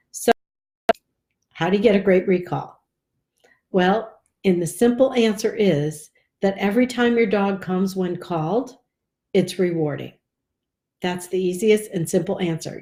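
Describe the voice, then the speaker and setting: A woman's voice: mid-range voice, warm tone. A woman dog trainer giving casual live advice in a chatty, rambling way with frequent fillers. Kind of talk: casual live video tip.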